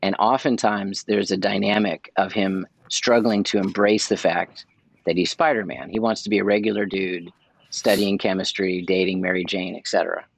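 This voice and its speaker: A man co-hosting a podcast in casual chat, excitedly rambling with frequent restarts. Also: on the low side, gravelly, no echo. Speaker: podcast co-host.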